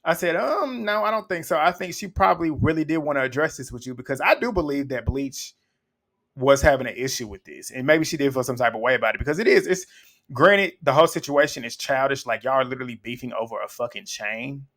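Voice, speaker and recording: A man's voice: mid-range voice, fast, a bit bright. A man, recapping a reality show in blunt, mocking casual commentary and laughing often.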